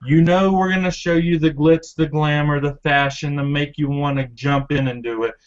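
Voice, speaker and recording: A man giving an upbeat, pushy sales pitch on a webinar, over dull lo-fi audio. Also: fairly even intonation, normal speed. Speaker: presenter.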